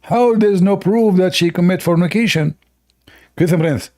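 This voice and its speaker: Mocking host. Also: male voice, high-pitched, moderate pace, darkish tone. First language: Arabic. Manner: mocking, sarcastic, repetitive. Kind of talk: polemical debate commentary.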